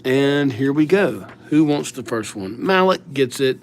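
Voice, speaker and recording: A man's voice: a little high, big pitch swings, measured pace, hardly any pauses, a little hiss or hum. A middle-aged man hosting a livestream, chatting casually and greeting viewers by name with playful nicknames. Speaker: livestream host writing viewers' names.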